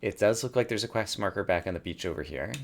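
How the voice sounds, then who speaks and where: Low, gravelly man doing game commentary. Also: animated, quick pace. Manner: reads game text aloud and comments wryly. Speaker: let's play host. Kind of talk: let's play commentary, reading game dialogue aloud.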